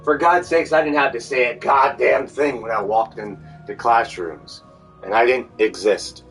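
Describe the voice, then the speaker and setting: A man's voice: medium pitch, fairly even intonation, unhurried, a bit bright. A man talking in a meandering monologue, full of fillers and restarts. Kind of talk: rambling monologue. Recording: distant mic with faint music.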